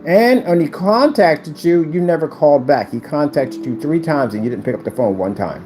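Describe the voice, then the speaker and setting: With a fairly high, animated voice at a moderate pace, the channel host taunts and repeats himself in a confrontational commentary rant. The video was recorded in an echoey room, with music in the background.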